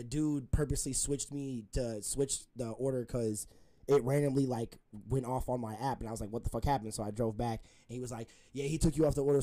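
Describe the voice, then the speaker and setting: A man's voice: medium pitch, warm tone. A young man telling a story in casual podcast chat, rambling with lots of fillers and frequent laughter.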